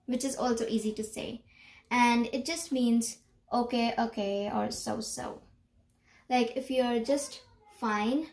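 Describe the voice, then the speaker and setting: A young woman with a fairly high voice teaches beginners. She talks slowly and patiently and stops to say each example phrase with care. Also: darkish tone. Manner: slow, patient explaining with spoken examples. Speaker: language teacher. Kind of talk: beginner French lesson.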